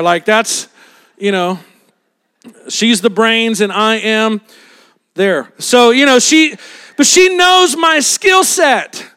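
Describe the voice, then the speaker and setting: A man's voice: high voice, slow, long pauses, fairly bright tone. A young man preaching a sermon as a pastor, telling a Bible story in a casual, humorous way and acting out the voices of the people in it.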